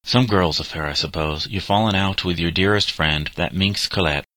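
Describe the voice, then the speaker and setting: A brisk, teasing teenage boy in an audiobook, read by a man with a deep, bright voice. He sounds impatient and a little bossy. The recording is dry and close. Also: no room sound.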